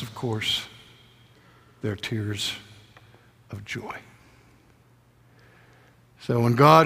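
An older man preaching a sermon lecture, telling stories and dropping to a hushed voice on tender points. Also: medium pitch, gravelly. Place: lecture hall. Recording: long hall reverb.

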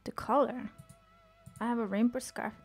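A woman's voice: fairly high pitch, steady tone, moderate pace, a little mellow, breathy edge, faint music behind. A woman streaming a video game, chatting with her chat and swearing when things go wrong. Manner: swears often, exclaims in frustration; chatty, reads chat aloud and answers it. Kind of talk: casual gameplay commentary.

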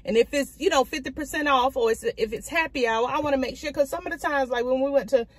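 A woman vlogging casually to camera, talking in a chatty, slangy, animated way while sitting on the floor in a dim room at home. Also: high-pitched, quick pace.

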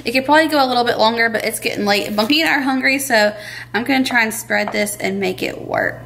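A woman's voice: on the high side, fast talker, a bit bright, a little hiss or hum. Chatty woman cooking at home. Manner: chatty, addresses viewers as y'all. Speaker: cooking vlogger. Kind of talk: casual cooking vlog. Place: home kitchen.

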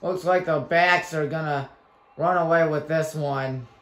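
An excitable young man with a high voice chats his way through a sports show, calling video game plays as they happen. He exclaims at every big shot, and his voice rings in a roomy, echoing space. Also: unhurried. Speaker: sports talk show host. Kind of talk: casual commentary while playing a basketball video game. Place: small room at a local community TV station. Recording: roomy echo.

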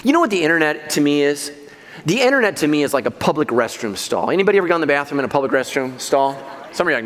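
Middle-aged guy pastor, high voice, chatty jokey sermon, noisy live church recording. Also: big pitch swings, racing, fairly bright tone, long reverb tail. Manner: conversational, joking, laughs at own jokes. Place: church auditorium.

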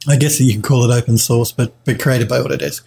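A man with a mellow, slightly husky voice talks through a live 3D modelling session at his desk mic. He thinks aloud, hesitates and corrects himself, and answers viewers in chat as he works. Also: mid-range voice. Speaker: 3D modelling streamer. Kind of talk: live tutorial commentary, reading chat.

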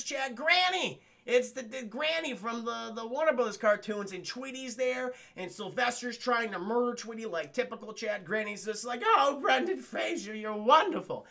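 A man recaps a movie for his livestream chat in a loose, rambling way, swearing freely and calling out to the chat every few lines. His voice sits high for a man and has a bright, sharp edge. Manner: rambling, profane, keeps addressing the chat. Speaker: streamer reviewing a film.

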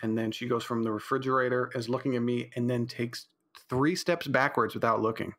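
A man's voice: mid-range voice, steady tone, fairly quick, a bit bright. A man hosting a casual solo podcast from home, talking in a blunt, rambling, opinionated way, with mild profanity and lots of fillers. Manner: frequent fillers and restarts. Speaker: podcast host.

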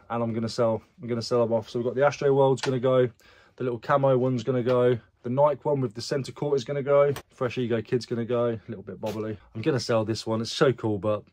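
A man's voice: mid-range voice, darkish tone. A young British man chatting casually about his resale sales, swearing now and then and reading buyer messages aloud. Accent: British English. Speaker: reseller vlogger. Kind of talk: casual chat.

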